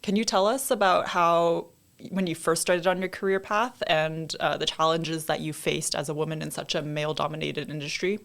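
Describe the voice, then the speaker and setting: A woman's voice: low-pitched, fairly even intonation, normal speed, creaky, a bit bright. A woman co-hosting a podcast, upbeat, introducing the guest and reading promotions. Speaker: podcast co-host.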